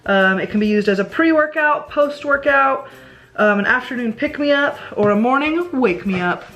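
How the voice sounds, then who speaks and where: A woman's voice: high-pitched, lively intonation, moderate pace, fairly bright tone, dull audio. A woman vlogging casually about her meals, chatty and rambling with lots of filler words. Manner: chatty, rambling with many ums. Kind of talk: casual food diary vlog. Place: home.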